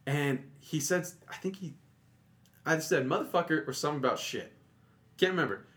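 A young man chatting casually and telling animated stories, mimicking other people and laughing often. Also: fairly high pitch, brisk. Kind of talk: casual chat.

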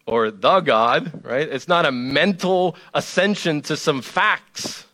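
Slightly high-voiced conversational male preacher. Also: takes it slowly, pushed and bright. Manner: conversational and playful, with emphatic repetition. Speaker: pastor. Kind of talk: sermon.

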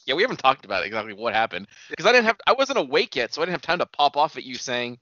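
This podcast co-host trades casual, crude banter, rambling eagerly and laughing easily. His mid-range voice is sing-song and sharp in tone, and he talks rapid-fire. The recording sounds dull, lo-fi, and dry.

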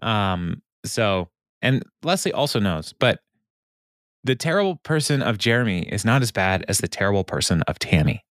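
A lower-voiced man chats through a recap, laughing a lot and dropping into quick quoted lines. The sound is dry and close, with no room around it. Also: sing-song, fairly bright tone, no room sound. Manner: laughs often, quotes characters in quick bits. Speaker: podcast host recapping an episode. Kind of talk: casual recap chat.

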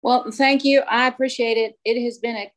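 A woman's voice: fairly high pitch, fairly even intonation, normal speed. Earnest woman sharing in group. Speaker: study group member. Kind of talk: casual group discussion.

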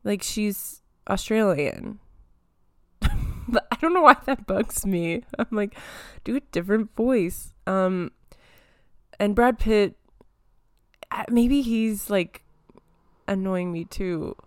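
Chatty young woman with smooth voice. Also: medium pitch, slow pace, pauses often, dry recording, clean studio sound. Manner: rambling, many fillers and giggles. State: phlegm in her throat. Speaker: podcast host. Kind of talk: casual pop-culture chat.

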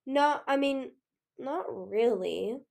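A woman's voice: sits high, slow pace, creaky, darkish tone, pitched above the performer's own voice, exaggerated voice. A woman voicing an anxious, defensive young female dragon with flustered protests.

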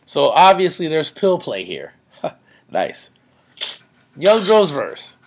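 A man's voice: on the high side, wildly swooping pitch, slow pace, pauses often. A man hosting a podcast in laid-back, slangy casual chat, breaking down rap verses with his co-host.

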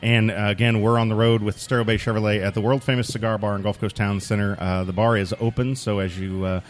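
A man hosting a casual on-location interview in a bar, relaxed and full of hesitant fillers. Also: fairly low pitch, fast talker. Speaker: host. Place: busy bar. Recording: bar with faint background music.

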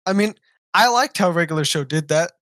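A man's voice: high voice, animated, fairly quick, a bit bright, no room sound, clean studio sound. A young man co-hosting a podcast, chatting casually in a rambling, enthusiastic way. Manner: rambling, enthusiastic, lots of fillers. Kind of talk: casual chat.

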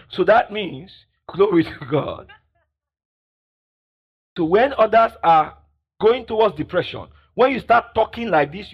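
A man preaching a fiery sermon at a church service, shouting declarations, then dropping to low murmurs and leading the congregation in call-and-response. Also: husky. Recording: dull lo-fi recording.

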